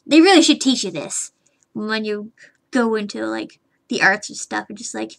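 Streaming her drawing live, a woman keeps up a rambling self-talk of muttering and humming, frustrated enough to swear casually at her computer. Her voice is fairly high and creaky, at a moderate pace.

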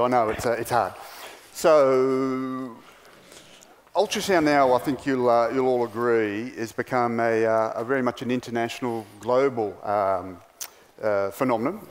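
A man presenting on stage at a conference, jokey and halting with fillers. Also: medium pitch, in a large hall, slight background noise. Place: large conference hall.

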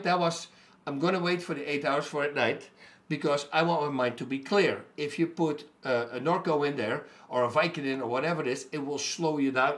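A middle-aged man, a fighter, telling a personal story in an animated way that turns loud and emphatic. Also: a little high. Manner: animated, gets loud and emphatic when indignant.

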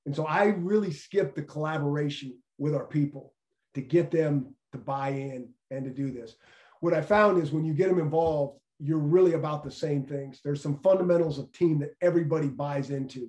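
A man's voice: fairly high pitch, normal speed, darkish tone. A middle-aged man, a former football coach, giving an earnest motivational leadership talk and repeating key phrases for emphasis. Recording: echoey room.

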